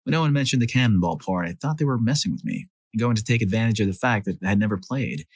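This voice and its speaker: A man narrating a series of reader-submitted stories as a scripted storyteller, lively when he voices the quoted lines. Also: fairly low pitch, fast talker, husky, no echo.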